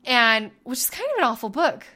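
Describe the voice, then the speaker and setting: A woman in her thirties shares family stories on a podcast, her voice pitched high. She talks casually and with animation, laughing easily and acting out what others said. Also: brisk. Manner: animated, laughs often, acts out quotes. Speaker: podcast co-host. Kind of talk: casual storytelling chat.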